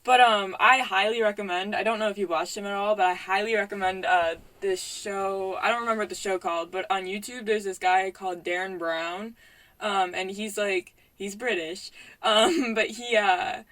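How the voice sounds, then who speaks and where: A woman's voice: medium pitch, steady tone, normal speed, fairly bright tone. A young woman co-hosting a casual podcast chat, telling stories in a rambling way full of fillers. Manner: rambling, filler-heavy storytelling. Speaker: podcast co-host.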